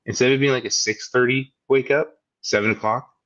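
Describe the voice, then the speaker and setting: A man's voice: mid-range voice, steady tone, a little fast, fairly bright tone, lo-fi sound. A young man co-hosting a casual podcast, rambling through stories, laughing often and acting out his kids' voices. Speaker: podcast co-host. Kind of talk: casual chat.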